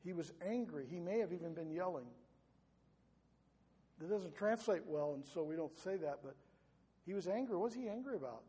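Earnest high-voiced man preaching in a hall. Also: lively intonation, moderate pace, pauses often, dark tone, slightly rough. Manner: earnest, repeats words when building a point. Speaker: pastor. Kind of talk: sermon.

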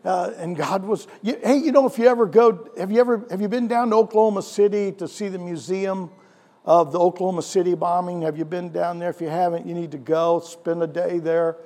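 A male pastor preaching a sermon, animated, with rhetorical questions and chuckles, in a church. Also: sits high, fairly quick. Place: church sanctuary. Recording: long church hall reverb.

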